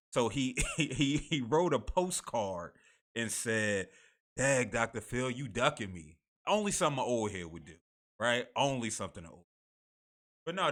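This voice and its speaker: An American man with a medium-pitched, fairly bright voice hosts a live online talk show. He keeps it casual and conversational, laughing between remarks and restarting his sentences often.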